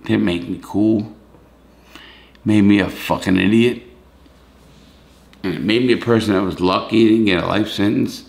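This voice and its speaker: A man's voice: lowish voice, gravelly. A man, hosting a vlog, pleading in an emotional, profane rant. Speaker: YouTube host, former prisoner.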